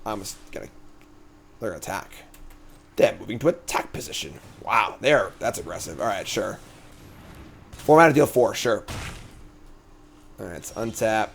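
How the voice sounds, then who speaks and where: Animated male card-game streamer. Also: on the low side, moderate pace, creaky, pauses often, a little hiss or hum. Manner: chatty, thinks aloud, animated swings in energy. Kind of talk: casual gameplay commentary.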